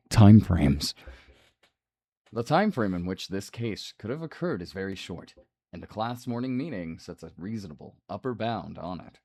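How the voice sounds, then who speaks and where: A man streaming a game, reading the dialogue aloud and breaking off for quick asides. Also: fairly low pitch, darkish tone. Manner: reads the game's lines aloud with asides.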